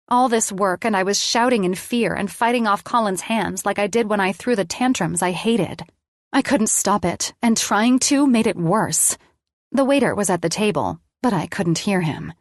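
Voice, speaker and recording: A woman's voice: mid-range voice, creaky, no echo, studio quality. A woman reading a romance audiobook in first person, with an intimate, confessional tone. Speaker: audiobook narrator.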